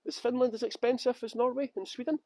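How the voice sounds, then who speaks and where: Chatty high-voiced man guiding a tour. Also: fairly even intonation, fast, darkish tone, no echo. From Halifax, West Yorkshire, England. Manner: chatty and joking, greeting viewers by name. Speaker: tour guide. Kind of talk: live-streamed walking tour. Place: outdoors on city streets.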